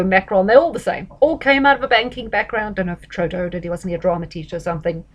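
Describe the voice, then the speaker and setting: A woman's voice: mid-range voice, fast, hardly any pauses. A woman giving casual astrology commentary, chatty and emphatic, with frequent fillers and self-corrections.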